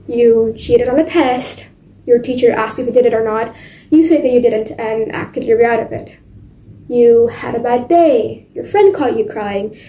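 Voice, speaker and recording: A teenage girl giving a memorized contest speech, dramatic with theatrical pauses and swings in loudness. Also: fairly high pitch, a little hiss or hum. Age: teens. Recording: echoey room.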